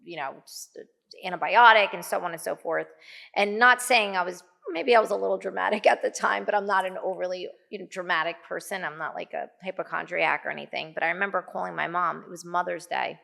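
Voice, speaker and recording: A woman's voice: fairly low pitch, fairly even intonation, a little fast, vocal fry, bright, forceful tone. A middle-aged woman telling a personal story as a podcast guest, chatty, full of fillers, acting out what she and others said. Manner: chatty, many fillers, acts out her own quotes. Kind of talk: casual storytelling.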